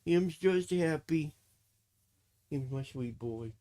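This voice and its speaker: Laid-back slow-talking male streamer. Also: fairly high pitch, warm tone. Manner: baby-talks to his dog, then rants with swearing. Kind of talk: casual live-stream chat.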